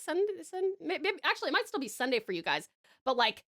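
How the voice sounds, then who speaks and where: A woman's voice: sits high, big pitch swings, fast, a bit bright. A woman streamer from Australia with an Australian accent, chatting with viewers in a casual way, laughing often and trailing off mid-thought. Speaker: streamer and voice actor. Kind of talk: casual chat reading viewer messages.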